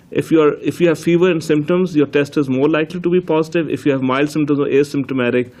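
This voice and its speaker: Middle-aged health official guy at a press briefing, measured, lots of uh and um, mid pitch. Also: darkish tone. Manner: measured, explanatory, with frequent fillers. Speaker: chief medical health officer.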